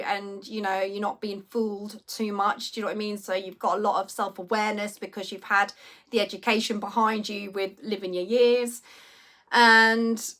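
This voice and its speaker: A woman, chatting casually on a live stream and reading out viewers' comments. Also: mid-range voice. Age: 40s. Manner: chatty, rambling, warmly reacting to viewers' messages.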